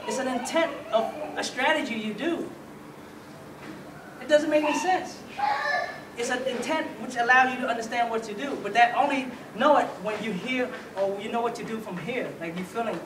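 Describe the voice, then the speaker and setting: A woman's voice: on the high side, moderate pace. A woman teaching martial arts in a live demonstration, talking animatedly and punctuating her points with sound effects. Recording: echoey room, far from mic, loud background noise. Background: loud ambient noise.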